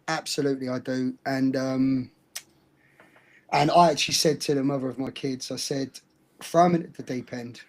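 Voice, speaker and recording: On a casual podcast, a middle-aged male co-host spins blunt stories, laughing frequently and dropping the occasional mild swear. His medium-pitched voice is a little mellow, with fairly even intonation at a moderate pace.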